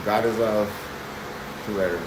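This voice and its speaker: A man's voice: fairly low pitch, steady tone, normal speed. Spooked man filming in an echoey empty room. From Oakland, California. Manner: rambling, hesitant, spooked. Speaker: maintenance worker filming a property. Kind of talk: casual handheld phone video. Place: empty apartment unit indoors. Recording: echoey empty room with loud background noise.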